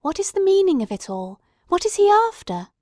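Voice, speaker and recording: A woman's voice: very high voice, big pitch swings, brisk, dark tone, no room sound, clean studio sound, pitched above the performer's own voice. A woman reading the lines of an earnest, anxious male companion in an audiobook. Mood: alarmed. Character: loyal male doctor companion, shaken.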